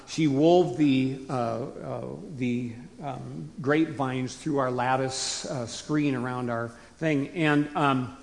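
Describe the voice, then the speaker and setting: A man preaching a conversational sermon to his congregation in a folksy way, rising to emphatic bursts and dropping to quiet asides. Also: medium pitch, fairly even intonation, slow, creaky, hardly any pauses. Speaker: pastor. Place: church sanctuary. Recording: long hall reverb.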